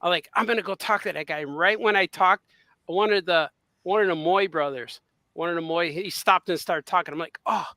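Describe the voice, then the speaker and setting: A man's voice: sits high, fairly quick, bright, forceful tone, dry recording. A man co-hosting a podcast, telling an anecdote in a casual chat and acting out the quotes. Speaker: podcast co-host.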